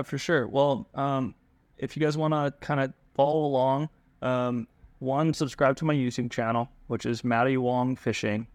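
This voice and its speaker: A man from Hawaii, a pro bass angler, telling fishing stories as a guest in a casual, animated way with lots of fillers. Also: clear, resonant tone, no echo. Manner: animated, full of fillers and restarts. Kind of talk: casual storytelling.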